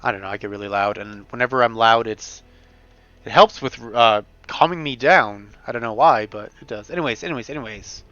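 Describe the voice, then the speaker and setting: A man talks through his game in a rambling way, full of restarts, and sometimes races ahead in fast bursts. His voice is bright and forward. The sound is dull and lo-fi, with a dry close mic. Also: mid-range voice, no echo. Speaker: gamer. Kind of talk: casual gameplay commentary. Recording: dull home mic recording.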